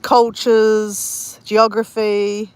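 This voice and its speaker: An Australian woman vlogging live outdoors at a beach at dawn, chatting in a rambling, fast-talking way with lots of restarts. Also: mid-range voice, little pitch movement, clear, resonant tone. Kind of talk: live-stream chat on a beach walk.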